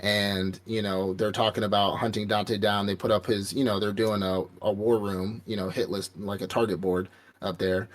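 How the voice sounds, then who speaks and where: Laid-back, low-voiced man recapping an anime. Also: flat delivery, normal speed. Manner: rambling, profane storytelling with acted quotes. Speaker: podcast co-host. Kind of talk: casual anime review chat.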